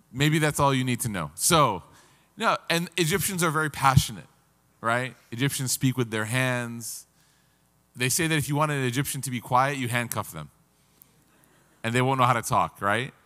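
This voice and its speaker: A man's voice: medium pitch, expressive, measured pace, pauses often, bright, forceful tone. A man giving a casual, story-filled religious lecture, with humor and rising emphasis. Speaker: religious teacher. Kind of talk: conversational lecture. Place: lecture hall. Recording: reverberant hall.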